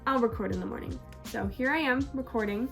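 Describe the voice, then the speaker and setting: A woman's voice: on the high side, a little fast. A woman chatting casually in a reading vlog, gushing and full of fillers. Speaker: book vlogger. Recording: clear background music.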